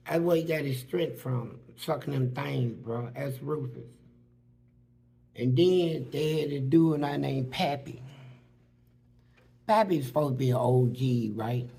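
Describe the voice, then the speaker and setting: A man casually telling stories from prison, animated and full of street slang, acting out what other people said. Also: medium pitch, unhurried, vocal fry. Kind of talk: casual storytelling.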